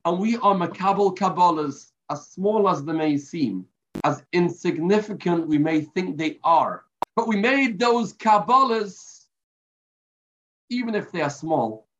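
A man's voice: fairly high pitch, a bit bright. A man giving a weekly religious lesson, telling a parable and mixing in Hebrew terms. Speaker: Torah teacher. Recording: dull lo-fi recording.

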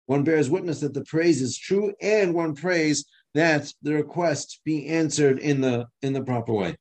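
Man, teacher, halacha lecture, somewhat high voice, halting, many restarts, explanatory. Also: a little mellow. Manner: explanatory, demonstrating pronunciation. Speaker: Torah teacher.

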